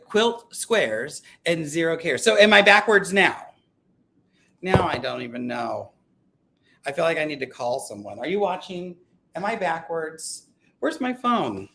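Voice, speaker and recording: A man hosting a casual live stream chat, talking in an excitable, rambling way and often breaking off mid-sentence. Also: fairly high pitch. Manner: chatty, excitable, self-interrupting. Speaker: livestream host.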